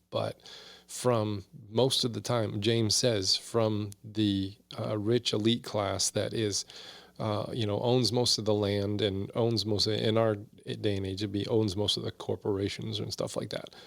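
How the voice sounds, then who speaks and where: A low-voiced man with a gravelly, creaky edge talks through a Bible passage in a loose, conversational way. The sound is dry and close, with no room around him. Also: no echo. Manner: conversational and candid, with frequent fillers and asides. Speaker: podcast guest teaching Bible study. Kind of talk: casual teaching talk.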